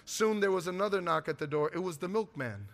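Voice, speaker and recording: A man with a fairly high voice preaches to his congregation, often asking them questions and answering them himself. His voice rings through a large church hall with a long echo. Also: expressive, brisk. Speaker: pastor. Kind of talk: sermon. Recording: music and long hall reverb.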